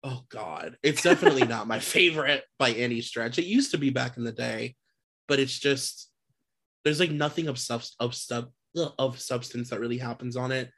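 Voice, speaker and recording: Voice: mid-range voice, normal speed, fairly bright tone. A podcast co-host in casual chat, slangy and swearing, often restarting words mid-sentence.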